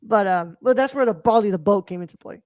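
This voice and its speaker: With a quick pace and a darkish, medium-pitched voice, a woman co-hosts a casual movie review podcast. She talks loosely, using plenty of fillers and the odd curse, and the clean studio recording has no echo.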